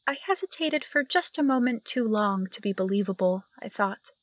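A woman's voice: mid-range voice, animated, normal speed, no room sound. A young woman narrating and playing the lead in an audio drama, hesitant and nervous. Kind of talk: audio drama acting and first-person narration.

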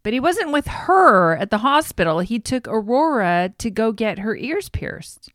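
A woman co-hosting a podcast, chatting casually about reality TV, asking questions and reacting quickly. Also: fairly high pitch, big pitch swings, a bit bright, dry recording, studio quality. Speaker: podcast co-host. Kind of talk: casual gossip chat.

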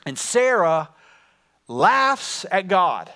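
A man delivers a sermon to his congregation, his voice sitting high and ringing bright. He keeps it conversational and animated, leaning in and talking directly to the room. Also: drawn-out words. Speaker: pastor. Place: church.

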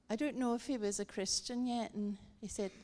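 A middle-aged woman giving a guest sermon, telling a story with animated emphasis and emphatic repetition. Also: fairly high pitch, normal speed. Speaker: guest speaker.

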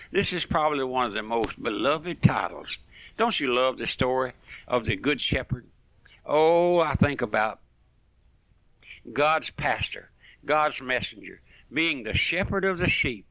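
A man's voice: on the high side, dry recording, highs cut off. A man preaching a folksy, fervent radio sermon that rises and falls.

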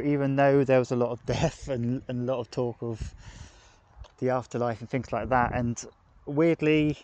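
A man hosting a podcast, talking casually and reflectively into his phone while walking outdoors, with restarts and asides. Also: mid-range voice. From England, grew up in Devon. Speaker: podcast host. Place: outdoors, walking past streets and a cemetery. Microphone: phone held while walking. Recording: phone recording outdoors with clear traffic noise. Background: passing cars and urban street noise.

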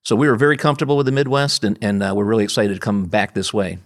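A man's voice: on the low side, steady tone, very fast. Middle-aged man telling long anecdotes. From upstate New York. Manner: rambling anecdotes with frequent restarts and fillers. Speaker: guest, company founder. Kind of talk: conversational interview storytelling.

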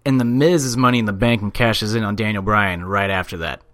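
A man co-hosting a casual podcast, talking loosely with swearing and quick mock impressions. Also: lowish voice, a bit bright, no room sound. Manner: loose, profane, does mock voices. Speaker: podcast co-host. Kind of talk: casual wrestling podcast chat.

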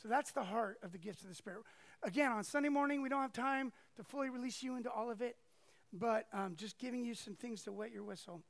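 A man's voice: very high-pitched, fast, gravelly, no echo. A man preaching a sermon to a congregation, speaking conversationally and animatedly, with asides and acted-out quotes. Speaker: pastor.

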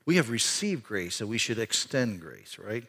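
A man pastor giving a conversational sermon in a church, swinging between excited rises and quiet, hushed stretches. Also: fairly low pitch, normal speed, husky. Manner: animated, conversational preaching with sudden rises and hushed drops. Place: church sanctuary.

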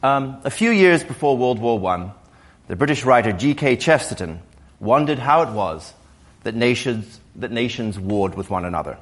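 A man with a hoarse voice from a cold, an author giving a public lecture in a museum, at times hesitant with fillers and restarts. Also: mid-range voice, animated, normal speed.

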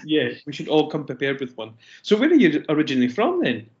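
A man's voice: on the high side, huge pitch swings, fast, darkish tone. Easygoing Scottish man, muffled sound. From Scottish Highlands. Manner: easygoing, laughs often. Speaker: interview guest. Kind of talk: casual interview chat. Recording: dull, lo-fi sound.

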